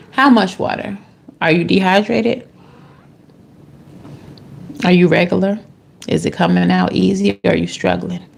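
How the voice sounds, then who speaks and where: Sassy gravelly-voiced woman tarot reader. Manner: sassy, swears freely, jumps into high playful voices. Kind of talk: casual tarot reading.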